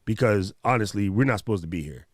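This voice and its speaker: A man's voice: lowish voice, fast, no echo, clean studio sound. A man hosting a casual conversation, telling stories in a loose, slangy way. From Hawaii. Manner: animated storytelling, slangy. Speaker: host.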